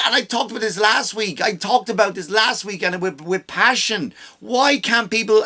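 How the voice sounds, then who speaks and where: A comedy podcast host with a high, bright, forceful voice rants with heavy swearing and sarcasm, often mocking people in put-on voices.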